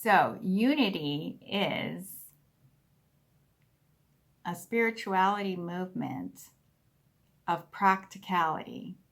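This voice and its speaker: A woman speaking at a spiritual service, earnest and unhurried, leading the congregation in a laughter meditation. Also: medium pitch. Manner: slow and earnest, bursting into loud whoops and laughter. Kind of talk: sermon with guided laughter meditation. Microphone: online service recording.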